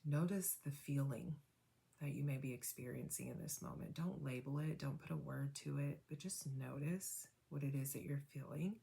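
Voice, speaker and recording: With a very deep, mellow voice, a woman takes listeners through a tapping meditation. She moves slowly and gently, tosses in "right?" often, and lets the affirmations fall into a breathy whisper.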